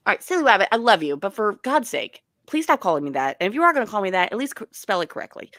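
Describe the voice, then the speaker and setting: A woman hosting a casual livestream roast, teasing and animated with quick asides. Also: mid-range voice, no room sound. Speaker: livestream host.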